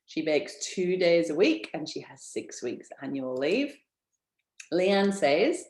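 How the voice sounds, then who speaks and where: A chatty woman hosts a live webinar and pitches her business with upbeat energy, laughing often and speaking straight to her viewers. Her voice sits a little low for a woman. The room has a noticeable echo. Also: very animated, a little slow. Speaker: business founder hosting an online info session.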